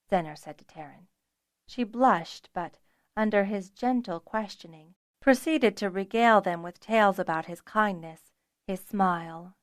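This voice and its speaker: A woman narrating a fantasy audiobook in an even, measured storytelling voice. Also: fairly low pitch, dry recording, clean studio sound.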